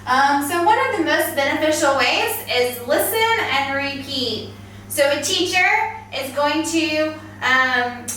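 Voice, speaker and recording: A woman's voice: high voice, fairly bright tone, a little hiss or hum. A woman giving a recorded teaching lecture, carefully spelling out example words and sentences. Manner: slow, carefully enunciated examples. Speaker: TEFL trainer. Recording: very echoey room, voice from a distance.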